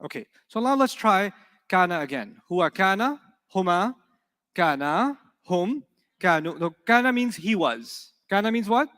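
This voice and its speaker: Male lecturer, middle-aged, high voice, animated classroom delivery, long hall reverb. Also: measured pace. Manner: animated, asks the class questions. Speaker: Arabic teacher.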